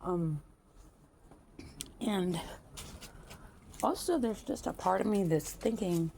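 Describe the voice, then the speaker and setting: A woman vlogging as she walks home outdoors, talking frankly in a rambling way with many pauses and fillers, recorded on a phone. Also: mid-range voice, lively intonation, creaky, warm tone, a little hiss or hum. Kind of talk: casual rambling chat while walking.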